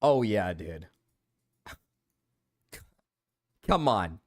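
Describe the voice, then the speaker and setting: A man's voice: mid-range voice, lively intonation, a little slow, pauses often, a bit bright, no echo, studio quality. A man streaming live, chatting loosely with his viewers, joking and swearing casually as he reads the chat.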